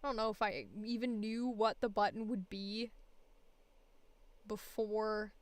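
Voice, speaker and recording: Chatty woman streamer, smooth clear voice. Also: medium pitch, steady tone, measured pace, no room sound. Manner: rambling, many fillers and restarts. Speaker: voice actor streamer. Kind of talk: casual livestream chat.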